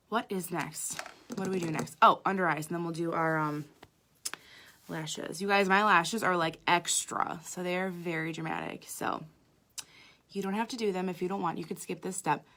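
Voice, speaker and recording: A woman's voice: lowish voice, moderate pace, long pauses, pushed and bright. A woman makeup artist giving a chatty live makeup tutorial, talking straight to her viewers.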